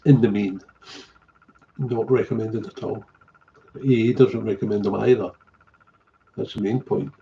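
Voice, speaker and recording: Gravelly blunt man, storytelling. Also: lowish voice, mellow, lo-fi sound. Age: middle-aged. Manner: blunt, swears freely, trails off and repeats himself. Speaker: recovery sponsor. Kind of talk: candid storytelling monologue.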